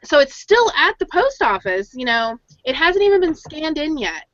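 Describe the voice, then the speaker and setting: A woman co-hosting a podcast tells stories in a chatty, very animated way, acting out the voices of the people she quotes. Her voice sits high with a fairly bright tone at normal speed, with no room sound but dull lo-fi audio.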